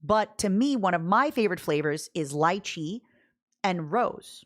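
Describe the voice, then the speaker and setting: A woman's voice: fairly low pitch, animated, moderate pace. Young female streamer, bubbly, chatty, talks straight to her viewers. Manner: bubbly, talks to chat, jumps from topic to topic. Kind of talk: casual livestream chat.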